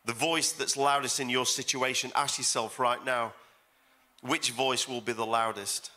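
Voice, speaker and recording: A man's voice: medium pitch, flat delivery, unhurried, bright, forceful tone. A middle-aged man preaching as a guest pastor at a church service, emphatic and repeating phrases for effect. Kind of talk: sermon.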